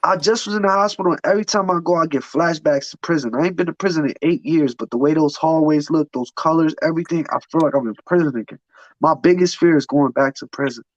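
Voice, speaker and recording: An interview guest tells his life story frankly, his fairly high male voice moving at a quick pace. He is emphatic and swears, often repeating words as he starts over. The recording is dry, dull and lo-fi.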